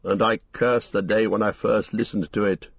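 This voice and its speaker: A man's voice: on the low side, steady tone, moderate pace, vocal fry, slightly rough, dry recording, lo-fi sound. A man voicing an aged, proud king in an audiobook, speaking solemnly. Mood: bitter.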